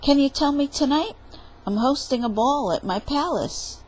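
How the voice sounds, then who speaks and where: Bubbly young princess in a storybook reading, squeaky high and chirpy, done by a woman. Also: animated, normal speed, darkish tone, rough recording. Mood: excited.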